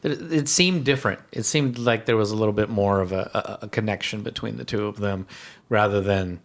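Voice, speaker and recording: A man's voice: lowish voice, a little fast. A man co-hosting a podcast, chatting casually and reading a plot recap, often hesitant and restarting his sentences. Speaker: podcast co-host.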